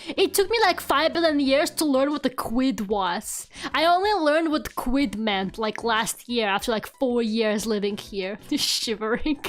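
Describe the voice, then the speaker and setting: Speaking in a slightly high, expressive voice, a young VTuber chats unhurriedly on stream with few pauses. Faint game music runs behind her as she giggles and curses from time to time.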